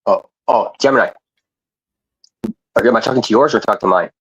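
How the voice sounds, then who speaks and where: A man's voice: fairly low pitch, fairly quick, fairly bright tone, slightly rough, no echo, muffled recording. A man chatting casually into earphones, stumbling and restarting his questions and swearing offhand. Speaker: streamer. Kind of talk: casual chat.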